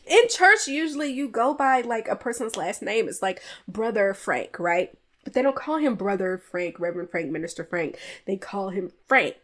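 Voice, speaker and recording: A woman hosting a podcast, casually recapping a movie in a chatty, animated way with playful jabs. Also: mid-range voice, moderate pace. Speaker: podcast host reviewing a film. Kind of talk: casual chat.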